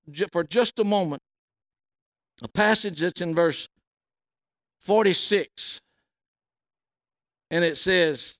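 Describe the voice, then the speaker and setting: A middle-aged man, preaching a folksy sermon and reading scripture, rising loud on quoted words. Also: sits high, takes it slowly, pauses often, dry recording, studio quality.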